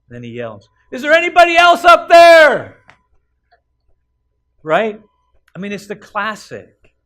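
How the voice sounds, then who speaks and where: A man's voice: mid-range voice, fairly bright tone. Conversational male pastor preaching. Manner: conversational, rhetorical questions. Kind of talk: sermon.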